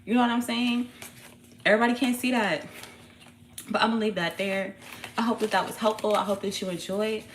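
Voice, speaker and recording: A woman's voice: mid-range voice, brisk, long pauses, slight background noise. Blunt, slangy woman reading tarot. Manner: blunt, profane, animated, slangy. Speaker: tarot reader.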